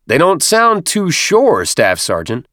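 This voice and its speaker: A man voicing a commanding military captain who shouts on the parade ground but stays friendly and relaxed in conversation. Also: normal speed, no room sound, studio quality, lightly acted. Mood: booming. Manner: booming parade-ground calls, easy officer's banter.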